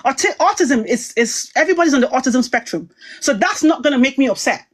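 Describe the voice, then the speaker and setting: Woman ranting on a live stream, worked up, slightly high voice, keeps circling back. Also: expressive, quick pace. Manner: agitated, emphatic, rambling. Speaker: online commentator. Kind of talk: heated livestream talk.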